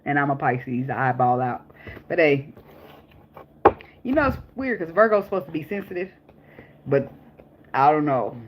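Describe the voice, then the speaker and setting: A woman's voice: low-pitched, highs cut off. A young woman reading tarot in a casual, chatty way, blunt and profane, laughing often. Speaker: tarot reader.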